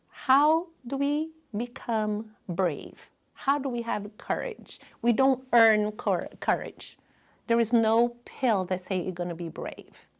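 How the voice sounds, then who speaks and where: A woman giving a spiritual lecture in earnest, non-native English, often dropping to a hush. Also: fairly high pitch, highs cut off.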